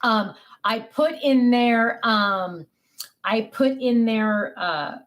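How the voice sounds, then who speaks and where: Chatty grandmother, slightly high voice. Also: extremely slow. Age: older. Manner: chatty storytelling, many fillers and restarts. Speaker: craft vlogger. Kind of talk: casual chat.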